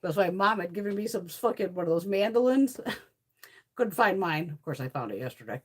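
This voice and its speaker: Middle-aged woman, casual beauty vlogger; animated, profane storyteller with a lively, swooping pitch. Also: moderate pace, breathy edge. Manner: swears freely, laughs often, animated storytelling. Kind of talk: casual chit-chat.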